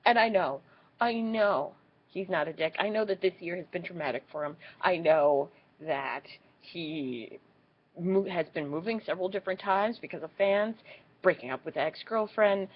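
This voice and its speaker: A young woman telling a story in a casual vlog, swearing freely and acting out what people said in squeaky high voices. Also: moderate pace, highs cut off. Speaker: vlogger.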